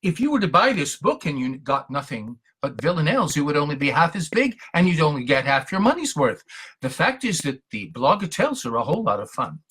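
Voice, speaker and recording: A man's voice: on the high side, big pitch swings, fairly quick, a bit bright, breathy edge. A man reciting his own poems in a theatrical, emphatic way, between short spoken introductions. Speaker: poet reading his own verse. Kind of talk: dramatic poetry recitation and talk.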